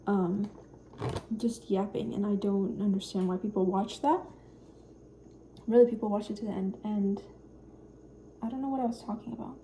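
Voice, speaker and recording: A young woman in her twenties chatting quietly and shyly while cooking in her home kitchen, rambling with lots of fillers. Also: mid-range voice, steady tone, normal speed, pauses often, slight background noise. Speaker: vlogger. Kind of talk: casual cooking vlog chat.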